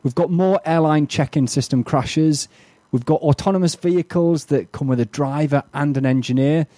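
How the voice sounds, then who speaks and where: Guy hosting a tech podcast, kinda high mellow voice, jokey and chatty. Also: moderate pace, dry recording. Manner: genial, chatty, joking. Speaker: podcast host. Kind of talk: casual tech podcast chat.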